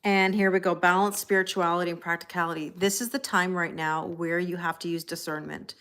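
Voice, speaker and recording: A woman's voice: lowish voice, flat delivery, fairly quick, a bit bright. A woman reading tarot on a casual live stream, chatting with viewers by name and laughing often. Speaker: tarot reader.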